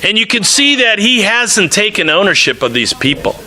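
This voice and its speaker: High, bright-voiced male preacher. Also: moderate pace. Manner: animated preaching, reads scripture aloud and acts out quotes. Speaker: pastor. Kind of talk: sermon.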